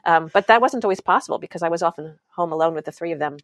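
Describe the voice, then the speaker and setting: A woman's voice: on the low side, very fast, dry recording. A middle-aged woman talking candidly as a guest author in a casual interview. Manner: candid, acts out her own outbursts.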